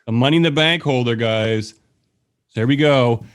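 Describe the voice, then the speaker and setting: A man with a Canadian accent hosting a casual trivia quiz, reading the questions out slowly and bantering in a laid-back, profane way. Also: mid-range voice, clear, resonant tone.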